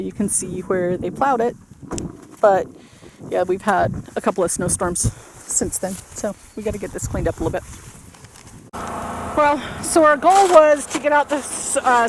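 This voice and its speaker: Chatty woman vlogging at a cabin. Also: fairly high pitch. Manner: chatty, lots of fillers and "so". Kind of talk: casual vlog narration. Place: snowy cabin, indoors and out. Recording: noisy camera audio.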